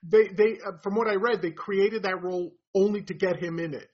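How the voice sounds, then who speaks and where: A man's voice: high-pitched, fairly even intonation, fairly quick, a little mellow. A man with a New York accent, a podcast guest telling stories in casual conversation. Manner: storytelling, explaining. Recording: dull lo-fi sound.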